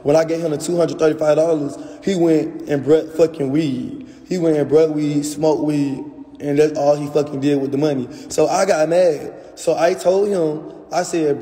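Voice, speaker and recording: A man's voice: a little high, steady tone, moderate pace, dark tone. A young man venting angrily on a phone livestream, cursing as he talks to his viewers. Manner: angry, profane ranting to viewers. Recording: echoey room with long reverb.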